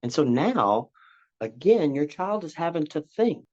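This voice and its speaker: A man's voice: fairly high pitch, big pitch swings, measured pace, darkish tone. Rambling man explaining, slightly dull sound. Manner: rambling, repeats words, acts out parent and child lines. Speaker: guest, parenting coach. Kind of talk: casual conversational explaining.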